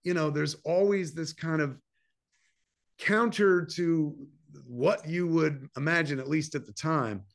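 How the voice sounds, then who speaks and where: A man in his fifties from New Jersey, a filmmaker telling a long personal story in a casual interview. He swears freely and acts out quoted dialogue in animated bursts. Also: on the high side, unhurried. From New Jersey, USA. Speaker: filmmaker guest.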